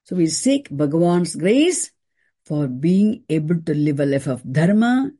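A woman teaching a scripture class, explaining terms deliberately and repeating key words for emphasis. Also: low-pitched, big pitch swings, mellow.

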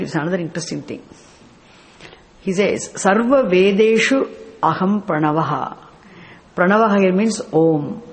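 Man teaching scripture. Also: high-pitched. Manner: explains step by step with rhetorical questions; chants verses. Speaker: spiritual teacher. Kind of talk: scripture class lecture.

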